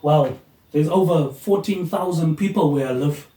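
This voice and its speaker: A man rambles through a loose monologue, tagging his sentences with a casual "mate, eh". His voice sits a little high yet sounds mellow and warm. He records into a phone tablet with no microphone, so the room echoes around him. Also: normal speed. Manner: meandering, tags lines with "mate, eh". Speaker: vlogger.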